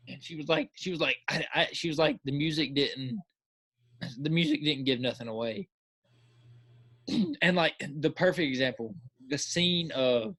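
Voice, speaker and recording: A man on a casual podcast, talking in an excitable, rambling way. His voice is husky and sits a little high for a man. He keeps acting out his own reactions as he goes. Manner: repeats filler words. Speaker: podcast co-host. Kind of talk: casual chat.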